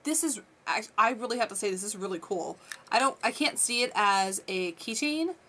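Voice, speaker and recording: A woman vlogging a toy unboxing in a casual, gushing, excitable chat at her desk. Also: on the high side, normal speed. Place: desk at home.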